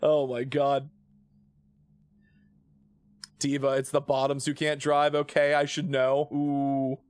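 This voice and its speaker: A man streaming a video game, chatting and joking excitably, easily startled. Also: mid-range voice, takes it slowly, smooth, no room sound. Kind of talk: live game commentary.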